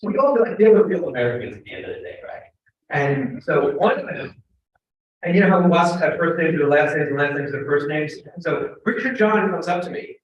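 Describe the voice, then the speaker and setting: A middle-aged man, a professor giving a humorous storytelling talk, animated and joking with bursts of emphatic shouting. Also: fairly high pitch, a little fast, lo-fi sound. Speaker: guest lecturer, professor. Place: large echoing temple hall. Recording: echoey hall from far off.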